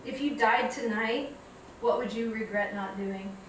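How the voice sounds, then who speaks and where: A woman with a slightly high voice gives a reflective, measured public talk, moving easily into storytelling. She is heard from a distance in a very echoey hall, with faint room noise behind her. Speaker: guest speaker. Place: lecture hall.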